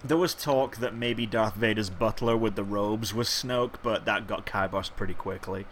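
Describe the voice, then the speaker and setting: Guy on a film podcast, bright voice, laughs a lot while retelling scenes. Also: lowish voice, normal speed, slight background noise. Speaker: podcast co-host. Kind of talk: casual film discussion.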